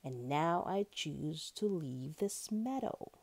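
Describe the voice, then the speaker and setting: A woman reading the lines of a free-spirited male butterfly in a storybook, in a lilting, unhurried way. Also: low voice, expressive, gravelly, full character voice. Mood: breezy.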